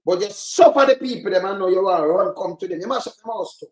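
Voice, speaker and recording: Jamaican speaker, middle pitch, indignant questioning complaint, roomy echo. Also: expressive, fast talker, darkish tone. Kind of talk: street complaint to camera.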